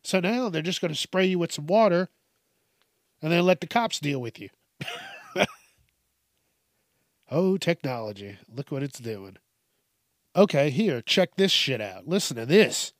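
A man's voice: a little high, expressive, a little slow, pauses often, dry recording, clean studio sound. A man hosting casual comedic news commentary, swearing often, laughing and riffing on stories.

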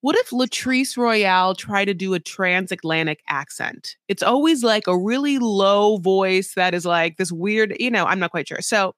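A woman's voice: mid-range voice, normal speed, hardly any pauses, fairly bright tone, no room sound, studio quality. Rambling, swearing woman podcast host. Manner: rambling, lots of "like", frank swearing. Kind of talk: casual reality-TV recap chat.

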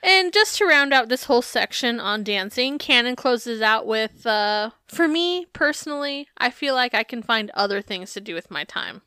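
A woman co-hosting a podcast, recapping a TV show in casual, sarcastic chat full of swearing and lively storytelling. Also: fairly high pitch, normal speed, few pauses, clean tone, no room sound, clean studio sound. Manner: profane, sarcastic, animated storytelling. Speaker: podcast co-host.

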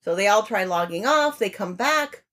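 A woman co-hosts a podcast, recapping a film's plot in casual movie-review chat. Her mid-range, fairly bright voice is animated and moves at a normal pace, and she keeps breaking off for asides and laughs.

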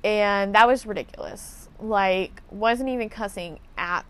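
A woman's voice: medium pitch, unhurried, clear, resonant tone. A woman telling a casual story as a podcast host, blunt and profane as she vents her frustration.

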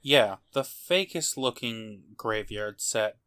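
A man's voice: on the low side, animated, takes it slowly, a bit bright, clean tone. A man co-hosting a podcast, chatting casually with wry, mocking jokes and frequent laughs. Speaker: podcast co-host. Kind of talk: casual chat.

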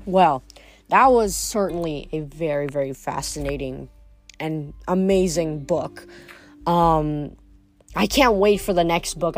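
Casual woman reading aloud. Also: lowish voice. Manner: casual, with fillers and restarts. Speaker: podcast host reading a novel aloud. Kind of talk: read-aloud narration and casual sign-off.

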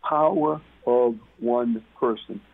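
Gravelly emphatic man on a phone line. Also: medium pitch, takes it slowly. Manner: emphatic, repeats words for stress. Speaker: radio guest. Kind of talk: talk radio conversation. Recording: muffled phone-line radio sound.

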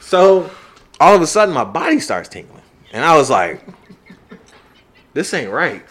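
Animated, profane man telling a story. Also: on the high side, moderate pace. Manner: animated and profane, acts out his own reactions in quotes. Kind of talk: casual storytelling chat.

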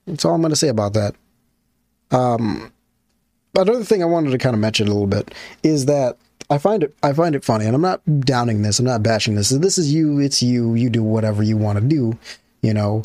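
A man hosting his own radio show, talking casually and rambling, restarting his sentences and climbing high in pitch when he gets worked up. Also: animated, brisk, warm tone, dry recording. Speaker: podcast host.

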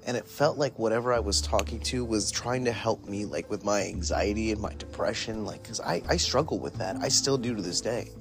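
A man's voice: lowish voice, a little fast, hardly any pauses, over music. A young man casually telling a candid personal story, rambling and full of "like" fillers. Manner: rambling, heavy use of "like"; candid, confessional. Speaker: podcast host.

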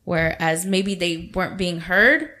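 Young woman guest, bit low voice, earnest and supportive, casual podcast talk. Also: unhurried, bright, forceful tone. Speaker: guest, family member.

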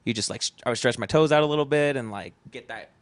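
A man's voice: mid-range voice, quick pace, no echo. Man rambling through a story, dry room. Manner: rambling storytelling, swears casually, acts out his own past lines. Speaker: podcast guest, festival founder. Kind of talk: casual chat.

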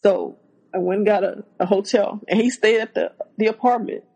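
A woman, a guest on an interview show, recounting a personal story haltingly, with many restarts. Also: medium pitch, fairly even intonation, vocal fry, mellow, low-quality recording.

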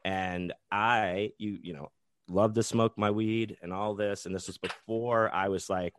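Guy with a lowish voice rambling thru a wild story, cusses a lot, dry sound. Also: steady tone, measured pace, clear, resonant tone, no room sound. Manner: rambling, profane, many restarts. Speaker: podcast guest, author. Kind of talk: casual anecdote telling.

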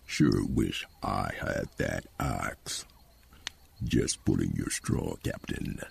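A man doing a gravelly, very deep deadpan commander. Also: slow pace, heavily acted. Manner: deadpan teasing. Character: dry-witted male ship commander with an axe.

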